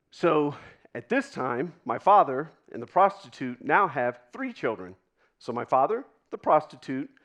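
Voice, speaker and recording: Man telling a personal story onstage. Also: on the high side. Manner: dramatic pauses, drops to a hush for quoted moments. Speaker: keynote speaker. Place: stage before a live audience.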